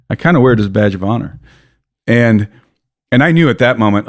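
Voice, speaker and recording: An American man, a podcast guest, telling a story in an animated way, often breaking off and restarting his sentences. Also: mid-range voice, brisk, dry recording, studio quality. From United States. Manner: animated, self-interrupting storyteller. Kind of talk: casual storytelling.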